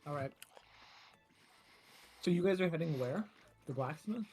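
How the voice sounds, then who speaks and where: Higher-voiced man narrating dramatically. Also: expressive, unhurried. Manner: dramatic narration with loud bursts. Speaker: game master. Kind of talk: narrating a tabletop game.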